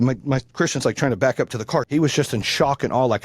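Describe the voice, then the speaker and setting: A man in his forties hosting a podcast, telling stories in a casual, profane, animated way. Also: medium pitch, racing, few pauses, very noisy. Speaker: podcast host. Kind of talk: casual chat.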